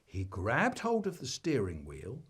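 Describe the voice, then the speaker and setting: Male storyteller. Husky, lively pitch, deadpan comic delivery. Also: unhurried. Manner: dramatic swings between deadpan and loud.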